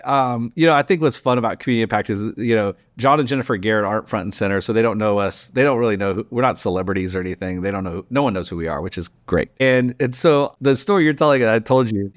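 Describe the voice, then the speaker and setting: A middle-aged man from Texas, a company founder and podcast guest, telling animated stories in casual conversation, full of restarts and fillers. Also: medium pitch, no room sound, clean studio sound. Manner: animated, rambling anecdotes with many restarts and fillers.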